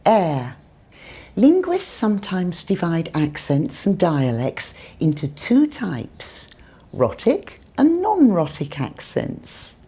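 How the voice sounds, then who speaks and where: A British woman with a non-rhotic accent leads a pronunciation lesson. Her voice sits fairly low yet swoops widely in pitch, and she speaks slowly, with a soft, mellow, slightly husky tone. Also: wildly swooping pitch. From Britain. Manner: clear, careful modelling of words. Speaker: English teacher, co-host.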